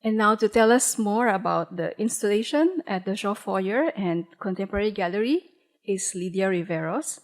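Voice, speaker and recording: A museum presenter, a woman, wraps up her lecture in an auditorium and introduces a guest. Her voice sits at a middle pitch. Her delivery is formal and measured, with a few fillers. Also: lively intonation, low-quality recording.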